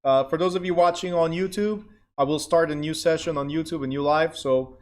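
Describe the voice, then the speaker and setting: Male class host with a slightly higher voice; relaxed and conversational, checks in often. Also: a little fast. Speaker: class instructor and livestream host. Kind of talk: casual live-stream lecture.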